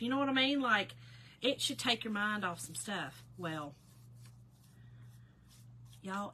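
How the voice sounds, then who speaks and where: Bright-voiced woman telling a story on a livestream. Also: mid-range voice, slight background noise. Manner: animated storyteller, talks straight to viewers; laughs often while telling a story. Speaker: livestream host. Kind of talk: casual livestream chat.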